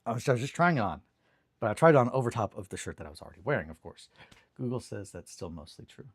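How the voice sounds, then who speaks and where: A man's voice: on the low side, sing-song, fast talker, husky, no echo, clean studio sound. A young man hosting a morning hobby show, telling a rambling story in a casual, self-deprecating way with the odd swear. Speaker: hobby stream host. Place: home hobby desk.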